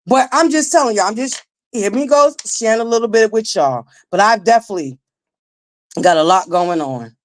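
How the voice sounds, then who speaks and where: A livestream commentary host, a woman in her forties with a naturally raspy voice, talks casually to her viewers. She is blunt, profane and emphatic, speaking a little high with lively intonation at a moderate pace.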